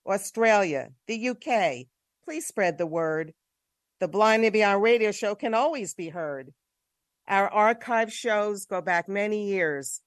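A woman's voice: medium pitch, no room sound, clean studio sound. A woman with a New York accent, a radio co-host reading a listener's poem in an upbeat, rhythmic way.

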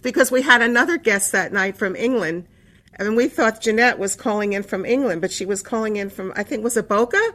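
A woman's voice: mid-range voice, a little fast, a bit bright. A woman hosting a call-in radio talk show. She chats casually, rambles and laughs often, and sounds a little winded and out of breath. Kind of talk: casual on-air chat.

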